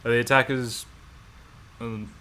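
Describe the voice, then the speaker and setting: An Australian man chatting casually on a livestream, laid-back and quick to swear. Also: medium pitch, flat delivery, bright, forceful tone, slight background noise. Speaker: livestream co-host.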